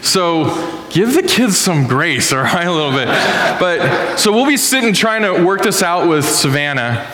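A man in his thirties preaching a sermon to a congregation in a casual, animated storytelling way. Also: a little high, unhurried, a little hiss or hum. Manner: animated storytelling, acting out voices. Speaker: pastor. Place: church hall. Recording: echoey hall with long reverb.

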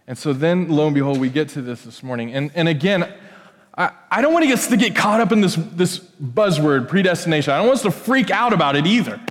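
Speaking briskly in a somewhat high voice, a man preaches from a church sanctuary where the hall rings with long reverb. His sermon is conversational and playful, lively with frequent restarts and side comments.

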